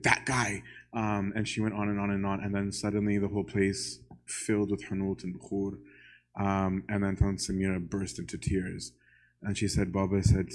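A man giving a church lecture in a conversational way, often asking the audience "right?" and putting questions straight to them. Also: on the low side.

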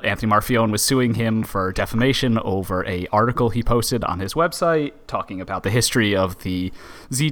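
A man co-hosting a podcast and running through the news in a blunt, offhand way, with casual swearing mixed in. His voice sits at an ordinary middle pitch. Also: fairly bright tone. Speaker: podcast co-host reading the news. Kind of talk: casual chat.

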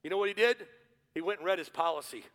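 A man preaching a sermon as pastor in a church, building to forceful repeated refrains. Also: high voice, fast. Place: church sanctuary. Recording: hall reverb.

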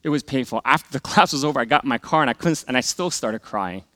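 A man's voice: mid-range voice, expressive, fast, no room sound. Earnest man telling his story, dry close sound. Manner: earnest, emotional storytelling that swings from loud to hushed. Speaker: pastor. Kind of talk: sermon testimony.

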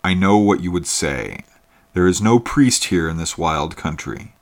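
A man reading the part of a grim, secretive middle-aged hunter in a story, in a low and deliberate way. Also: animated. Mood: solemn.

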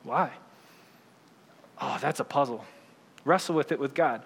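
A man's voice: mid-range voice, measured pace, vocal fry, pauses often, breathy edge, long reverb tail. A man preaching a sermon as pastor in a casual, conversational way, often asking "right?" to the congregation.

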